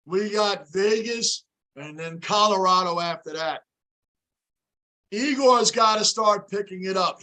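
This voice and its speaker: A high-pitched, bright-voiced man hosting a fan livestream, his voice raw and hoarse from days of yelling. He reacts to the game with big emotion, shouting at the play and greeting chat viewers by name in loose, rambling talk. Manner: chats with viewers by name, off topic. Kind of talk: casual live reaction chat.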